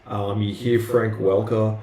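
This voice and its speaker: A streaming artist chats casually while drawing on a live art stream, hesitant and full of fillers and restarts. His voice is lowish and dark, with little pitch movement, and he takes his time. The sound is roomy with faint background noise.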